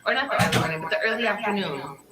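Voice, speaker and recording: A young woman vlogger telling her story to viewers in a drawn-out, animated way. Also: medium pitch, roomy sound, over music, low-quality recording.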